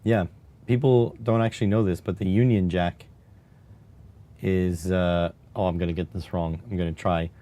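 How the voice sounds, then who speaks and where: A man streaming live, chatting casually and musing aloud in a wry, unhurried way as he types. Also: sits low, steady tone, warm tone. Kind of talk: casual live-stream chat while typing.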